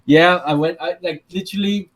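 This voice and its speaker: A Taiwanese man with a Taiwanese accent co-hosts a casual podcast, speaking briskly in a high voice against a background crowd. His stories ramble, full of repeated words and restarts.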